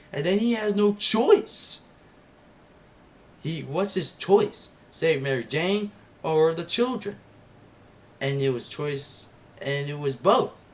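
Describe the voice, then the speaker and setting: A young man hosting a casual film review vlog, rambling excitedly with many restarts and "and then". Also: medium pitch, slight background noise. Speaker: channel host reviewing a film.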